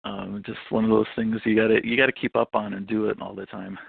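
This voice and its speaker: A man's voice: lowish voice, little pitch movement, creaky, breathy edge, dry recording. A man, an author, chatting and joking as a guest on a radio interview. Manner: joking, quick with impressions. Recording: phone line.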